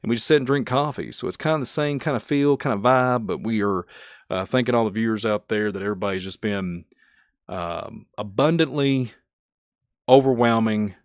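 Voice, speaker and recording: A man with a Kentucky accent, hosting his channel and chatting casually, rambling and chuckling often, turning soft and emotional. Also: lowish voice, moderate pace, no room sound, studio quality. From Kentucky, USA. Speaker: channel host. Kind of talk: casual thank-you vlog chat.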